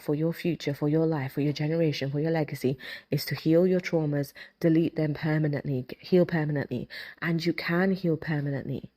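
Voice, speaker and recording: Low, mellow-voiced woman preaching emphatically. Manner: emphatic, repeats key phrases for stress. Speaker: podcast host and hypnotist. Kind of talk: motivational religious talk.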